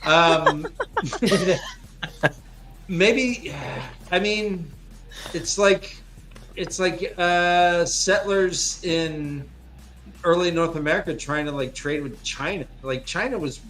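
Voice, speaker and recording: An animated man hosts a casual book podcast, swearing freely and slipping into quick character voices. His voice sits a little high, with faint music playing behind him. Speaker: podcast host.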